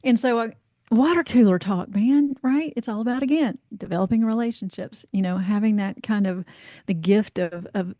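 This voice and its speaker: A woman's voice: mid-range voice, normal speed, no echo, lo-fi sound. A woman from North Carolina, a life coach, telling a casual story in a podcast interview, acting out what people said, salting her talk with "you know" and swearing freely. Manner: lively anecdote-telling, acts out quoted voices, frequent "you know", swears freely.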